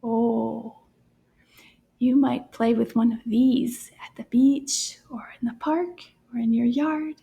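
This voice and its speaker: A woman gives children a French lesson in a gentle, encouraging voice, often slipping into a half-whisper and saying each word slowly and distinctly. Her pitch is on the high side with fairly even intonation.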